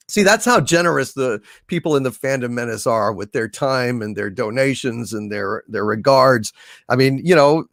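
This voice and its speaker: Effusive livestream host with a lively voice. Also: male voice, mid-range voice, no room sound, clean studio sound. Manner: effusive, hails viewers by name. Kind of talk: casual livestream chat reading donations.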